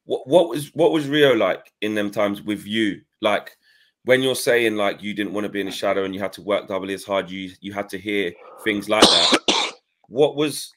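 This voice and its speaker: A man hosting a casual interview, asking long rambling questions and dropping quick affirmations. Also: fairly low pitch, a bit bright. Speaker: host.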